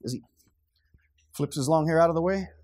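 With animated drama, this preacher acts out scenes in his sermon, dropping to hushed, low passages before rising to shouts. He keeps a quick pace.

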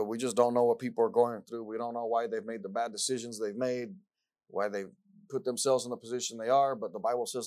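A male pastor preaching a sermon in an earnest style, repeating scripture lines for emphasis and rising from quiet reflection to loud excitement. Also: fairly low pitch.

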